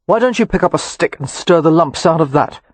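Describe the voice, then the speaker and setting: A gruff, brooding Romany man with a husky, slightly high voice, as an audiobook reader puts him on. He speaks in short, growled lines, recorded close and dry with no room sound. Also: lively intonation, a little fast, no room sound. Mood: curt. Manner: growling, curt.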